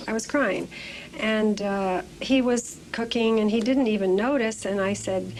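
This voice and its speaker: A woman in an interview telling a story about her husband, halting and repeating her words. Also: medium pitch, darkish tone, slight background noise, poor audio. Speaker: interviewee, a scientist's wife.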